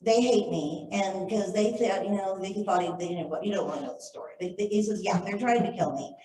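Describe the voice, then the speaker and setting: A woman's voice: medium pitch, brisk, distant mic. Woman telling a story in an echoey room. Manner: lively anecdotal storytelling, acts out quoted voices. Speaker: author and speaker. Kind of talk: storytelling talk to a live audience. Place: library event room. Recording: echoey room, voice picked up from afar.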